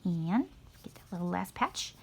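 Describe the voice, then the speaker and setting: Woman, middle-aged, art teacher, kids' painting lesson, encouraging, chatty, slightly gravelly. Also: fairly low pitch, sing-song, unhurried, a little mellow. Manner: chatty, encouraging, talks to children.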